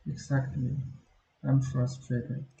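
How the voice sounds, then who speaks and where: A man's voice: medium pitch, level tone, takes it slowly, vocal fry, dark tone, reverberant, rough recording. A tired man with a Chinese accent, muttering in weary frustration during a casual screen-recording vlog.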